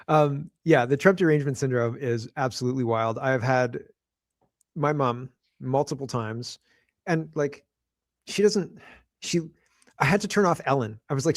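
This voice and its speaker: Casual co-host, man, fairly high voice, dry close sound, excitable and chatty. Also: normal speed, no room sound. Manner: animated, interrupts, laughs often. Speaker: podcast co-host. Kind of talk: casual political chat.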